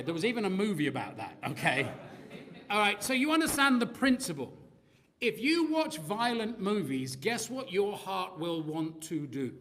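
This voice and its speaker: Lively preacher, bright and animated. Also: male voice, high-pitched. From Australia. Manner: animated, joking asides, sound effects. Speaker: pastor. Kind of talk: sermon.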